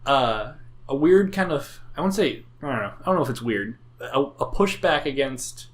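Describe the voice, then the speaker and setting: A man's voice: medium pitch, lively intonation, moderate pace. A man with a mid-range voice co-hosts a casual gaming podcast. He rambles, swears freely and restarts his sentences often. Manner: rambling, profane, lots of fillers and restarts. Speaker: podcast co-host. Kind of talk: casual chat about tabletop games.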